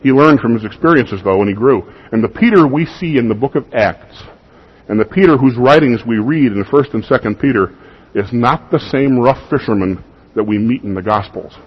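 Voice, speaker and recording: A man preaching a sermon in a husky voice, in a conversational style with rhetorical questions to the congregation, in what sounds like a church. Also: mid-range voice, normal speed. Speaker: pastor. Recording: dull lo-fi recording.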